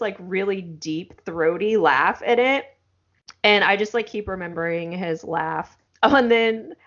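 A woman's voice: mid-range voice, dull audio. A woman co-hosting a podcast in a casual, chatty way, with many fillers. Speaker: podcast co-host. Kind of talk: casual chat.

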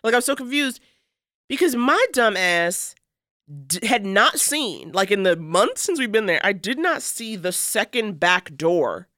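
A woman co-host spins a rambling, self-mocking tale packed with fillers. Her voice is bright and forceful, and it sounds close and dry with no room around it. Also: mid-range voice, sing-song, measured pace, no room sound. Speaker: podcast co-host. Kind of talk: casual storytelling chat.

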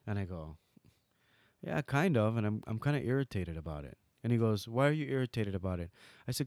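Brisk and fairly low-pitched, this middle-aged man from Hawaii tells casual stories as an interview guest, animatedly acting out quoted dialogue. The sound is clean studio quality with no room sound.

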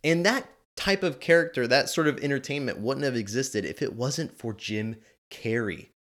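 A man with a mid-range voice hosts a casual podcast at normal speed. He's animated and rambling, correcting himself as he goes.

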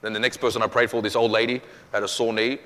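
A lower-voiced man speaking quickly as a pastor takes questions from his church. He talks casually and acts out quotes with energy. His voice rings out in a hall with a long reverb. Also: level tone, fairly bright tone. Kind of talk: church Q&A teaching.

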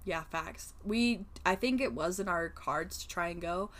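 Laughing, low-voiced woman podcaster. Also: measured pace, a bit bright. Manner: laughing, swearing, chatty storyteller. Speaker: podcast co-host. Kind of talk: casual chat.

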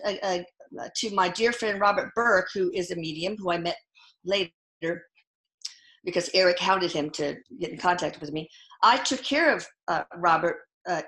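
A middle-aged woman telling personal stories in a casual interview, halting often with fillers and restarts. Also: medium pitch, a bit bright. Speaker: guest. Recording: echoey room.

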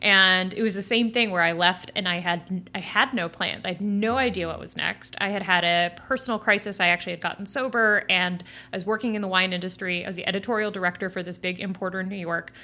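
A woman's voice: medium pitch, fairly even intonation, fast, few pauses. A woman in her thirties, a coach guesting on a podcast, talking casually and laughing often. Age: 30s. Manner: bright, laughing, conversational.

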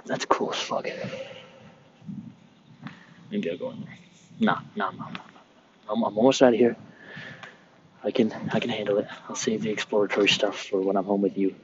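A man's voice: lowish voice, normal speed, long pauses, highs cut off, slight background noise. A young man, a sailor, rambling casually and cursing freely as he wanders outdoors on a military base. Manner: rambling, loose and profane. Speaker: sailor recording a podcast. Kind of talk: casual rambling monologue while walking.

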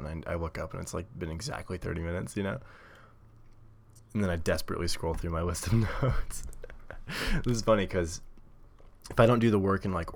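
Low and gravelly, the man's voice carries a casual solo podcast episode he hosts himself. Seated at a table with a desk mic at home, he rambles along with lots of filler words and frequent laughs.

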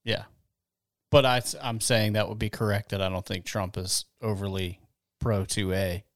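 A man's voice: on the low side, fairly even intonation, normal speed, no room sound. A man co-hosting a casual talk show, making dry, wry remarks. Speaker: podcast co-host. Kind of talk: casual chat.

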